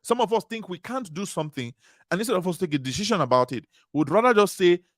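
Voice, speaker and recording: Brief: higher-voiced male motivational speaker, repetitive emphatic delivery, dry close sound. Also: expressive, fast, no room sound. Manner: repetitive, emphatic preaching cadence. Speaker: conference speaker. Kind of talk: motivational talk.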